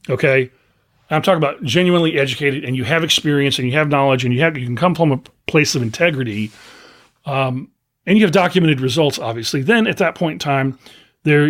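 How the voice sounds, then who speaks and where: A man's voice: mid-range voice, fairly bright tone. A man coaching real estate investors in a live webinar, emphatic and firm, often checking in with "okay?" and "right?".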